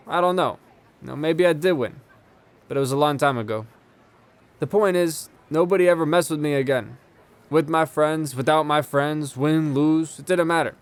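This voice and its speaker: A man's voice: a little high, smooth, lightly acted. A man playing a wry storytelling bartender. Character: bartender recalling a childhood fistfight. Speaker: monologue performer. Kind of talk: theatrical monologue.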